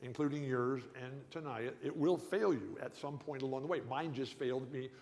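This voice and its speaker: A man's voice: mid-range voice, normal speed, big-room sound, a crowd in the background. An older man who says he is a lifelong stutterer, giving an emphatic, folksy, rambling speech as a guest speaker at an awards dinner. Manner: emphatic, folksy, jumps between tangents. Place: banquet hall at a club dinner.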